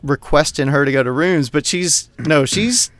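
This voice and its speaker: A man from Texas co-hosting a casual podcast, telling a story in an animated way, with lots of swearing and laughter. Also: a little high, normal speed, dry recording. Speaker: podcast co-host. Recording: dry close mic, online call.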